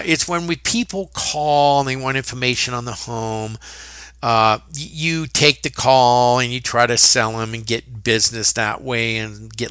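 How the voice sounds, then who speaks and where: A man's voice: mid-range voice, sharp tone, smooth, dry recording. A middle-aged man, a real estate agent, casually telling a story with fillers and quoted dialogue. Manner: chatty anecdotal telling with fillers and acted quotes.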